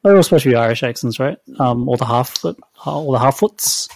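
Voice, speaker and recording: A man's voice: medium pitch, expressive, brisk, vocal fry, no echo. A man hosting a podcast, reviewing a TV series in casual, chatty talk full of fillers and hedges. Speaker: podcast host.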